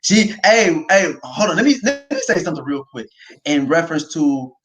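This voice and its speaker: A man hosting a casual faith talk livestream, animated and often laughing, tagging lines with "right?". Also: a little high, rough recording. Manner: animated, quick to laugh, repeats himself, says "right?" often. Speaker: podcast host.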